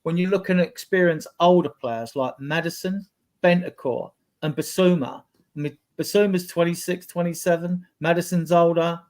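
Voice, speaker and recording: A man with a somewhat high voice talks football in a casual podcast chat. He is blunt and animated, backing up his points with a run of examples. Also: normal speed. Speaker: football fan pundit.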